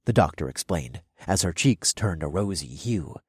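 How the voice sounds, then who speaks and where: A male narrator tells a first-person fantasy tale in a steady, measured voice. His voice is low and a little husky. The dry, close sound keeps him right at the listener's ear. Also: no room sound. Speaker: audiobook narrator.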